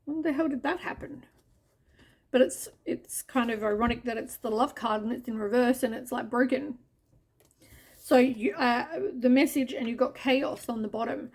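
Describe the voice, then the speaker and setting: A woman's voice: fairly high pitch, normal speed, a little mellow. A woman doing a casual tarot reading, talking straight to the listener in a chatty, offhand way with mild swearing and asides. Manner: addresses the listener directly as you. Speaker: tarot reader.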